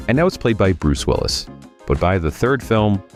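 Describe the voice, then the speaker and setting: A man's voice: fairly low pitch, very animated, moderate pace, soft background music. A man hosting a comedic film review show and ranking bad sequels with dry sarcasm. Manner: wry, sarcastic. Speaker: host.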